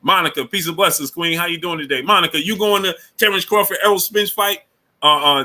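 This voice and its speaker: A man's voice: fairly high pitch, a little fast, bright, forceful tone. A man hosting a casual sports talk livestream, speaking in loose slang and greeting viewers from the super chat between his takes.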